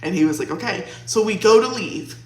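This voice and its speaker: A woman's voice: medium pitch, lively intonation, a little fast, a little mellow. A young woman vlogger casually telling a storytime, chatty and laughing, with lots of "like". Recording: roomy echo.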